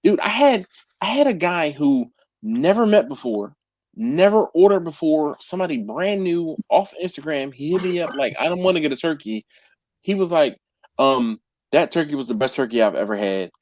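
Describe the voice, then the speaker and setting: A man telling barbecue catering stories in a loose live chat, his pitch jumping around as he acts out what customers texted him. He drops slang like "yo" and "fam" constantly. The sound is dry and close, with no room echo. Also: moderate pace. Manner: animated storytelling, acts out customers' messages; uses slang like "yo", "fam", "dog". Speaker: BBQ caterer and channel host. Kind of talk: casual live group chat.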